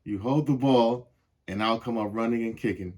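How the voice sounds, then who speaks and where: An earnest, hopeful cartoon boy who keeps trying and keeps getting fooled, as a man reading aloud puts him on. He sounds eager and at times indignant, at an ordinary middle pitch, in a children's storybook reading. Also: moderate pace, darkish tone, close to an everyday voice.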